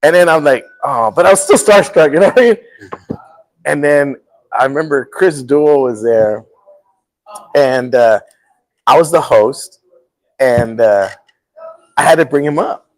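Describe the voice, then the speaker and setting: Middle-aged guy hosting, casual storytelling, really animated. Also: mid-range voice, measured pace, long pauses, rough recording. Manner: animated, acts out quotes with laughs. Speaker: host.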